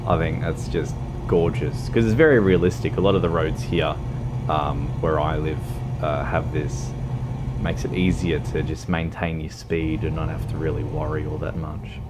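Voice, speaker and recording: A man's voice: a bass voice, steady tone, normal speed, heavy background noise. A man chatting casually on a livestream while gaming, hesitant with many ums and uhs. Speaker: streamer. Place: indoors at home, streaming in a fursuit.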